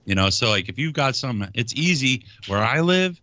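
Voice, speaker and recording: A man's voice: medium pitch, big pitch swings, moderate pace, pushed and bright, lo-fi sound, a little hiss or hum. A middle-aged man chatting and joking on a podcast, asking questions and talking about family life. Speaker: podcast co-host. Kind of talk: casual podcast banter.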